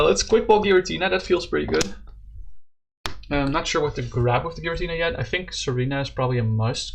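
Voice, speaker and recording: A man streaming a card game, chatting casually with his viewers, excitable and swearing freely. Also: medium pitch, creaky, slight background noise.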